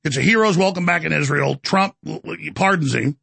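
A man's voice: a little high, moderate pace, vocal fry, pushed and bright, no echo. A man hosting a talk show, delivering political commentary in an emphatic, indignant way.

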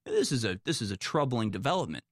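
A man's voice: medium pitch, very animated, fast talker, dry recording, studio quality. A man commenting on the news, reading reports aloud and reacting in a sarcastic, exasperated, rambling way. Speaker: political commentator.

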